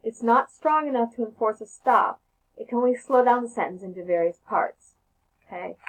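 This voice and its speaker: A woman's voice: a little high, moderate pace, low-quality recording. A woman teaching a casual grammar lesson, talking conversationally and often checking in with "okay?".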